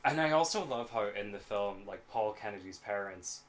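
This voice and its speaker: A man's voice: on the low side, animated, moderate pace. An Irish man co-hosting a podcast, talking in a chatty, casual way, swearing freely and laughing often. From Ireland. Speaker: podcast co-host. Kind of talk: casual chat.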